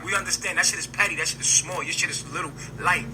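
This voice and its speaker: High pitched guy preaching and cursing, lots of noise behind him. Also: fairly even intonation, fast talker. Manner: preachy, emphatic, profane. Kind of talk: casual heated chat. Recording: noisy played-back stream audio.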